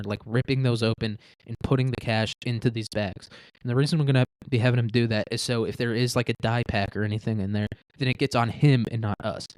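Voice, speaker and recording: A man's voice: mid-range voice, a little mellow, dry recording. A man hosting a comedy podcast, rambling through a crude, joking hypothetical monologue. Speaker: podcast host.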